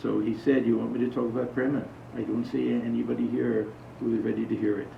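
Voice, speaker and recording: A man's voice: mid-range voice, little pitch movement, quick pace, creaky, slight background noise. A man giving an informal spiritual talk to a small gathering, telling stories and asking his listeners questions. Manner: conversational, asks the audience questions. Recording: roomy, distant, dull sound.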